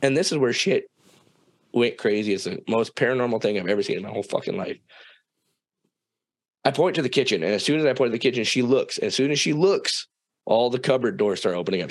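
A young man from South Dakota, a guest telling a personal story in a casual, profane, animated way, acting out the people in it. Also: mid-range voice, no room sound.

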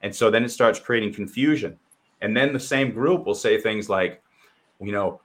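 A man with a very deep, low voice talks bluntly and with real heat as a co-host. He swears freely and slips into mocking quoted asides to make his points. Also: fairly quick. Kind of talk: heated casual discussion.

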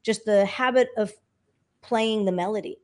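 Brief: woman vocal coach, middle pitch, lively and animated, casual interview guest. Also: normal speed. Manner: animated, demonstrates by singing snippets.

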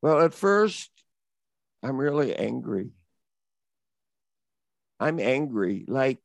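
Slowly and with long pauses, a middle-aged man from the U.S. recounts an adventure during an interview, his mid-range voice touched by vocal fry. He's reflective and vivid, gradually rising into excitement in this animated anecdote. The sound is echo-free.

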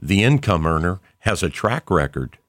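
A man with a very deep voice lays out his point step by step, pausing and repeating himself in a measured way. The recording is close and dry, with no room sound. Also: big pitch swings, fairly bright tone, no room sound. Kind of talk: casual conversational talk.

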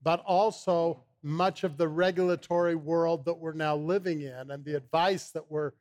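A man's voice: fairly high pitch, fairly even intonation, moderate pace, a little mellow. A man, a guest on a talk show, eagerly explaining a supplement, often repeating his first words. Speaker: supplement company founder, guest.

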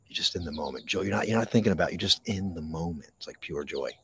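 A man hosting a live mindfulness podcast from a park, talking slowly and reflectively with dramatic pauses and reading viewer comments. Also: low voice, gravelly, fairly bright tone, breathy edge. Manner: reads and answers viewer comments. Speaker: podcast host. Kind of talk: live-streamed mindfulness talk. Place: outdoors in a park.

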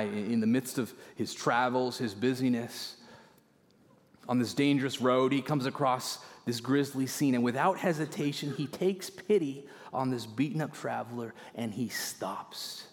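A man preaching a sermon in a mid-range voice. He presses hard on some lines, then drops to soft near-whispers, repeating his key phrases. The sound rings with the long reverb of a large hall. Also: mid-range voice. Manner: dynamic preaching, swinging from loud emphasis to hushed near-whispers. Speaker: pastor.

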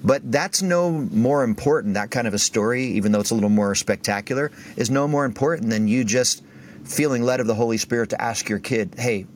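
A man sharing a faith story as a podcast guest, animated and acting out the voices of the people in it. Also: mid-range voice, a little fast, a little hiss or hum. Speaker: guest speaker.

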